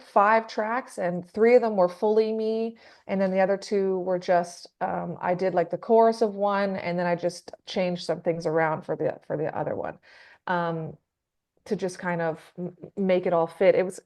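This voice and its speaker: A woman singer in a casual interview, talking fast and loose, laughing often and acting out what other people said. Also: on the low side, creaky, a little mellow. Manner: chatty, laughs often, acts out quoted people. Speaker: metal singer being interviewed.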